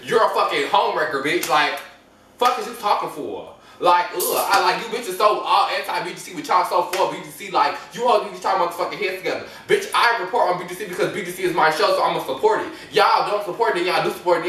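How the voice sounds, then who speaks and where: A man's voice: high-pitched, expressive, fairly quick, bright, forceful tone, recorded from a distance, slight background noise. Profane ranting man in an echoey room. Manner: blunt, profane, exasperated ranting. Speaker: commentary vlogger. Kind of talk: ranting reaction commentary.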